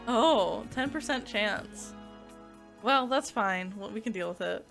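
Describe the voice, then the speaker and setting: A woman's voice: medium pitch, animated, slow pace, creaky, music in the background. A young woman streaming a game as a VTuber, chatting casually, reading chat aloud and laughing often.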